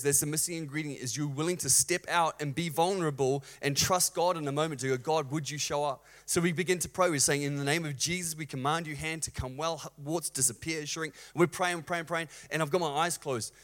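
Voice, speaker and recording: A male pastor preaching a sermon in a church, energetic, swinging from loud exclamations to hushed storytelling. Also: fairly high pitch, fairly quick, few pauses.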